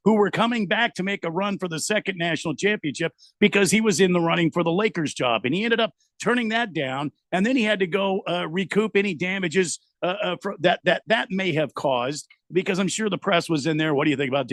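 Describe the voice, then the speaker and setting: A male sports radio host with a somewhat high voice, talking haltingly and repeating himself as he builds a case. His voice comes through dry and close. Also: fairly bright tone, no echo. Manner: halting, repeats words while building an argument. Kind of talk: casual sports talk.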